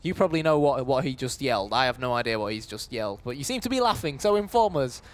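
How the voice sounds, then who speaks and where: A man casting a live esports match, lively and playful, building excitement in the big moments. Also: mid-range voice, fast. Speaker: esports commentator.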